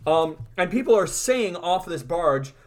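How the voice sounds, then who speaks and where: This is a male co-host whose voice sits slightly high and moves a lot in pitch. He leads the reading and steers his partner through the pages with casual swearing. His delivery stays relaxed and chatty. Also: measured pace. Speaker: podcast co-host. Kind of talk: casual comic-review chat.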